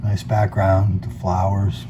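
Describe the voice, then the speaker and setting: Low-voiced laid-back man retelling a comic. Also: slow pace. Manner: laid-back, rambling, lots of fillers. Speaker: comics video host. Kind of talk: casual retelling of a comic story. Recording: steady background noise.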